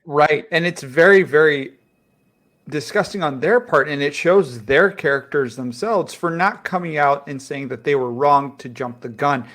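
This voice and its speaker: A man's voice: fairly high pitch, moderate pace, a bit bright. A man co-hosting a casual podcast, ranting emphatically and swearing a lot. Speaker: podcast co-host.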